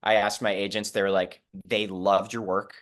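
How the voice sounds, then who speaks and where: A young adult man, a Broadway performer, talking earnestly in an interview, animated and full of restarts and "like". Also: lowish voice, moderate pace. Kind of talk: conversational interview.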